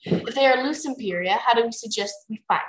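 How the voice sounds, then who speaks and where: A woman's voice: fairly high pitch, fairly quick, echoey room, close to an everyday voice, poor audio. Cold scheming sea dragon leader, read by a woman. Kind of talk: reading a novel aloud.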